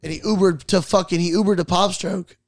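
This young host talks with a gravelly, fried edge. His voice sits a little high for a man. He tells stories in loose, profane slang and keeps the energy up the whole way. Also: a little fast, dry recording. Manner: profane, animated storyteller with slang. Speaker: podcast host. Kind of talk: casual storytelling chat.

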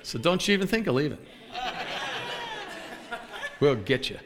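Crowd noise accompanies a traveling preacher whose fairly high voice keeps a measured pace. His sermon, echoing with the long reverb of a large church sanctuary, is animated, with humorous stories, acted-out scenes and his own chuckles.

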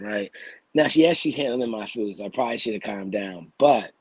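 Husky man telling a heated story. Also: on the low side, brisk, no room sound, low-quality recording. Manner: animated, profane, acts out quoted exchanges. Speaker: podcast co-host. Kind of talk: casual storytelling.

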